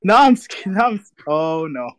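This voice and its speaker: High-voiced teasing man in a gaming chat. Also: big pitch swings, moderate pace, a bit bright, no echo, studio quality. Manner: teasing and playful, hints and jokes with the others. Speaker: player.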